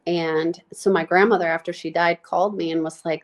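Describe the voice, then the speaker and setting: Halting, emotional woman telling her story. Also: fairly low pitch, level tone. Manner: halting, reflective, many fillers and restarts; emotional, close to tears. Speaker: nurse practitioner guest. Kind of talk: candid personal interview.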